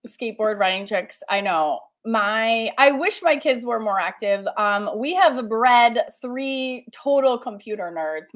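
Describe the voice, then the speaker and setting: A woman's voice: mid-range voice, fairly bright tone. A woman in her forties from Massachusetts, an art teacher hosting a casual livestream, chatting, laughing often and reading out viewer comments.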